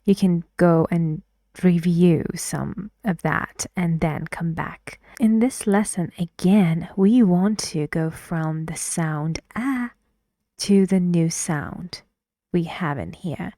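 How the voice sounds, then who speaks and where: A woman teaches English pronunciation at a very slow, patient pace. Her voice sits a little low and often sinks into a breathy half-whisper. The sound is dry and close. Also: warm tone, dry recording. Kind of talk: pronunciation lesson.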